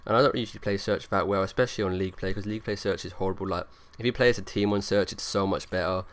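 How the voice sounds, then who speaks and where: Young guy talking fast over his gameplay, kinda low voice, rambly with lots of likes. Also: steady tone. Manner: rambling, filler-heavy, talks over gameplay. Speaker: gaming YouTuber. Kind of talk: gameplay commentary.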